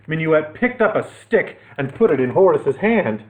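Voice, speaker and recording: A male children's librarian reads a picture book aloud with playful asides. His voice is lively and sits a little high, and the audio sounds thin and phone-like. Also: normal speed, few pauses.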